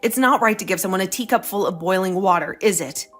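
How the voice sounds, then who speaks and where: A woman's voice: medium pitch, fast talker, fairly bright tone, soft background music, close to an everyday voice. A woman voicing a young wife who stands her ground, talking in an indignant, sarcastic way. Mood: indignant, defiant. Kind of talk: dramatized story dialogue.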